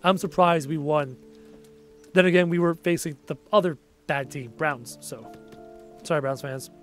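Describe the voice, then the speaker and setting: A man's voice: fairly high pitch, normal speed, soft background music. Tired, chatty man streaming late. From Canada. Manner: chatty and rambling, trailing off quietly at phrase ends. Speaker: gaming livestreamer. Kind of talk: casual livestream chat, reading viewer comments aloud. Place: home.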